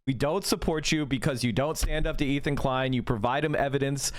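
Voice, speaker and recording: A young man ranting into his stream mic, voice dry and close with no room sound. He swears freely and sounds openly contemptuous. His pitch sits in a plain middle range. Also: fairly even intonation, brisk, no room sound. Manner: profane, scornful, ranting. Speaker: political streamer. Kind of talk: reacting to clips on a livestream.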